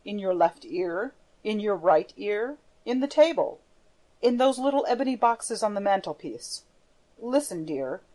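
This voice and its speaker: A woman's voice: on the high side, a little mellow, rough recording. A woman reading the part of a menacing masked male phantom, with a theatrical, darkly playful manner.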